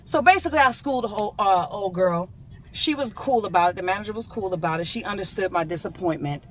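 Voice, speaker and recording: A woman's voice: medium pitch, quick pace, slight background noise. A middle-aged woman from San Diego telling a comic, indignant story in a casual vlog, talking from inside her car. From San Diego, California. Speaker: vlogger. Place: in a car, driving.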